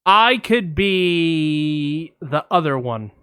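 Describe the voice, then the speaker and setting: Young dude cohosting a movie podcast, kinda high voice, cocky jokes, dry close mic. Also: male voice, expressive, pushed and bright, clear, resonant tone, no echo. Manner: joking, boastful, quick bursts with fillers. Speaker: podcast co-host. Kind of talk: casual film podcast chat.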